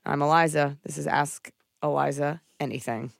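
A woman's voice: low voice, fairly even intonation, normal speed, gravelly, no echo. Joking woman podcast host, dry studio sound. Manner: playful, jokey, rambling. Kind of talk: casual comedic podcast chat.

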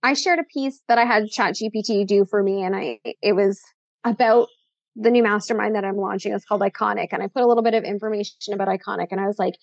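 A woman's voice: mid-range voice, fairly even intonation, fast, vocal fry, dry recording, lo-fi sound. A woman speaking as a guest in a casual interview, chatty, upbeat and a little sassy. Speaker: podcast guest, content coach.

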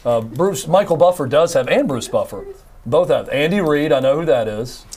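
A man's voice: a little high, animated, a little mellow. A man co-hosting a sports talk show, bantering and joking while naming celebrities. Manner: joking, quick reactions. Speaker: show co-host. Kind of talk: casual banter.

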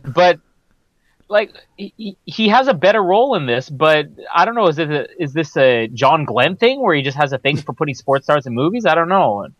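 A man's voice: fairly high pitch, big pitch swings, moderate pace, a bit bright. A man talking through a film on a casual podcast, rambling along with fillers and small laughs. His audio is dull and lo-fi, with a dry sound and no room echo. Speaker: podcast host.

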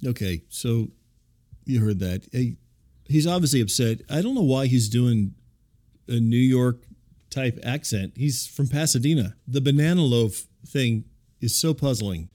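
Male radio host, dry deadpan delivery, even middle pitch, calm and reasonable. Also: a little slow. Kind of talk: comedic radio monologue.

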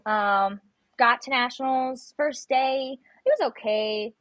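A woman's voice: high voice, slow pace, fairly bright tone, dry recording, poor audio. A young adult woman, a guest on an interview show, telling stories in a chatty way and acting out her own panicked lines. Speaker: guest, competitive shooter. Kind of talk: casual interview chat.

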